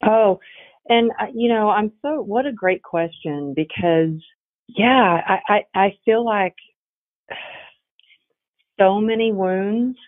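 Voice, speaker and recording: A middle-aged woman, a guest coach, telling her story in a lively conversational way, laughing often and restarting her sentences. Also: mid-range voice, slow, long pauses. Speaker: podcast guest, resilience coach. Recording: tinny phone line.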